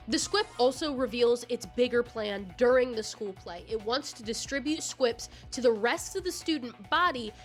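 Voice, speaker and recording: A young woman in her twenties with a fairly high voice talks through old musicals in casual commentary, jumping between dry sarcasm and excitable bursts. She swears freely, and faint music plays underneath her. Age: 20s. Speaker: YouTuber.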